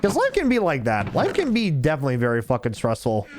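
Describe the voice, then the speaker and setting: Lively, swearing young male streamer. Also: mid-range voice, fast, music in the background. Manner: rambling, heavy swearing. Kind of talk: casual chat while gaming.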